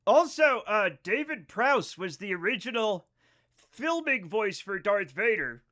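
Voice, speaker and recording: A man's voice: sits high, big pitch swings, unhurried, bright, forceful tone. A man streaming a space game live, chatting casually with his viewers in a rambling way and swearing freely. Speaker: livestreamer. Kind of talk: casual live-stream chat over gameplay.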